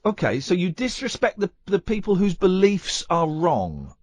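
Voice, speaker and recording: A man's voice: sits high, wildly swooping pitch, darkish tone, no room sound. A man hosting a radio show, chatting casually and teasing his co-host. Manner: playful, teasing, quick to joke.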